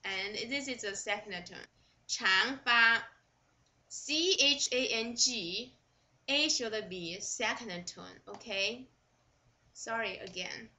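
A woman's voice: mid-range voice, slow, bright, forceful tone. A woman with a Chinese accent teaching Mandarin, repeating each phrase and glossing it word by word in English. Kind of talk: slow vocabulary lesson.

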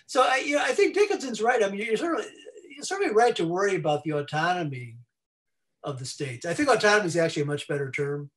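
A man's voice: sits high, very animated, quick pace, a bit bright. Rambling scholarly man on a video call. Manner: discursive, many restarts and asides. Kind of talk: seminar discussion.

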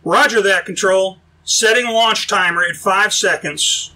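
A man narrating an audiobook, voicing a calm, steady male shuttle commander who gives orders to his crew. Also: high-pitched, a little slow, exaggerated voice, rough recording. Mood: calm, commanding. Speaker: mission commander.

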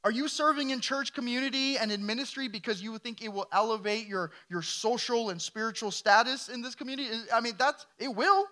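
Bright-voiced man preaching a sermon. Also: extremely high pitch, fairly quick, few pauses. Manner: emphatic, fires questions at the congregation. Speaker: pastor.

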